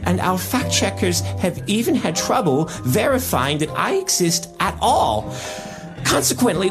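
A man doing a parody of a public radio host reading an on-air retraction in a measured, earnest way. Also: a little high.

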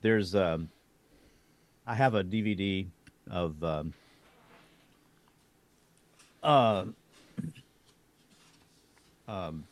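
A man's voice: low-pitched, drawn-out words, long pauses. A man co-hosting a podcast in casual chat, tender-hearted and easily moved. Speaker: podcast co-host.

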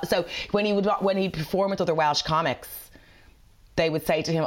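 Chatty gossiping woman, low voice. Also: moderate pace. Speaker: podcast co-host. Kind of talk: casual chat.

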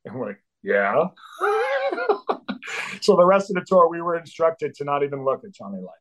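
A man's voice: on the high side, big pitch swings, fast talker, fairly bright tone, rough recording. A middle-aged man, a band's drummer, telling a wild tour story as a guest, swearing freely and acting out the voices of the people in it. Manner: swearing, acts out voices in quotes. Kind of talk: animated storytelling.

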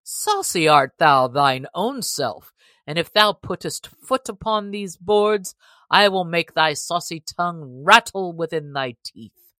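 A woman reading aloud and voicing a boastful male cudgel champion who shouts mocking taunts in old-fashioned English. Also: fairly low pitch, expressive, slow pace, no room sound, heavily acted. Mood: scornful.

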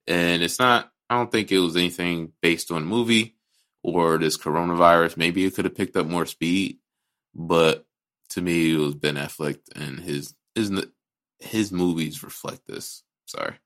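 A man's voice: deep voice, normal speed, a bit bright. Ranting, profane podcast guy. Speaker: podcast co-host. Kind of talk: casual chat.

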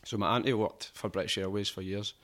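A man's voice: lowish voice, fairly even intonation, fast, a bit bright. A man with a strong Glaswegian accent chatting casually on a podcast, swearing freely and rambling through anecdotes. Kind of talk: casual chat.

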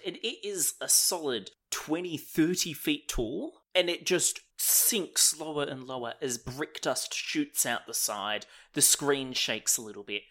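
A man's voice: on the high side, a bit bright. A man co-hosting a podcast, chatting in an enthusiastic, jokey way. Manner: enthusiastic, jokey, frequent restarts. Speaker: podcast co-host. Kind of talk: casual review chat.

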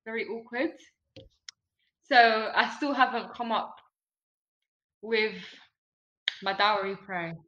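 A woman's voice: on the high side, a little slow, pauses often, sharp tone. A young woman speaking as a guest on a casual podcast, hesitant and careful in her words. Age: young adult. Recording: roomy, dull-sounding recording.

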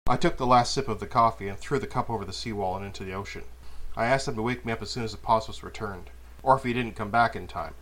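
A man narrating a dark fantasy story aloud, reading at an even, steady pace. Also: lowish voice, fast talker. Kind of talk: audiobook narration of a fantasy serial.

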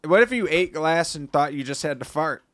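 A man guesting on a comedy podcast, riffing absurd bits and laughing mid-line, with loud noise behind. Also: a little high, lively intonation, moderate pace. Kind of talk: casual comedy podcast chat.

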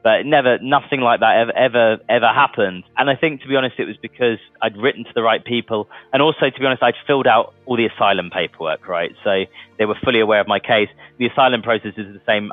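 A man's voice: on the low side, fast, no echo, soft background music. A man telling his story casually in an interview, chatty and laughing as he goes. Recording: tinny phone-like sound.

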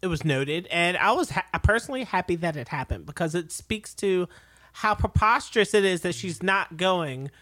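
Mid-pitched co-host with a dry sense of humor, close dry sound. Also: animated, moderate pace, fairly bright tone, no echo. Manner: dry, throws in mock character lines. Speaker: podcast co-host. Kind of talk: casual TV recap chat.

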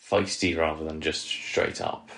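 A young man co-hosting a podcast, giving measured opinions in a hesitant way and often repeating his words. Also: a bass voice, sing-song, vocal fry, fairly bright tone. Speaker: podcast co-host. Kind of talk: casual chat.

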